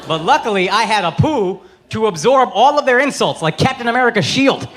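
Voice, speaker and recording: A man's voice: sits high, animated, fairly quick. A man in his thirties doing a profane, punchy stand-up set on a club stage into a handheld mic. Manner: brash, profane, punchy delivery. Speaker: stand-up comedian. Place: club stage before a laughing crowd. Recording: loud crowd laughter and noise.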